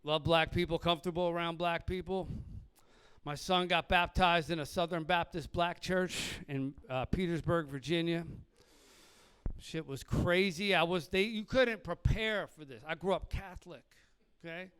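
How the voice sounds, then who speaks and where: Man, middle-aged, stand-up comedian, brash and profane, high-pitched, smooth resonant voice. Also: steady tone, normal speed, a bit bright. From Philadelphia. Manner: brash, profane, acts out dialogue in other voices.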